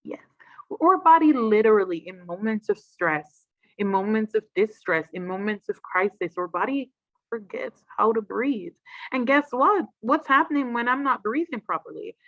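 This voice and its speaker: Woman speaker, fairly high voice, animated, dry dull lo-fi sound. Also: normal speed, no room sound. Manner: lively, animated, acts out quoted voices. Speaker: trauma expert giving a talk. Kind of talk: casual livestream talk.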